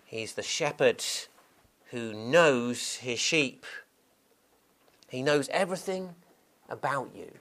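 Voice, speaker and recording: A man preaching a sermon, unhurried and earnest, often restarting and repeating words as he explains scripture. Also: mid-range voice, expressive, a bit bright.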